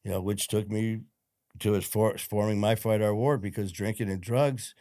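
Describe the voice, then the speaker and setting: Deep-voiced man telling war stories. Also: fairly even intonation, normal speed, mellow, dry recording, studio quality. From Detroit, USA. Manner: rambling, profane, frank, with many fillers. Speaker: podcast guest, former police officer. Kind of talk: casual storytelling interview.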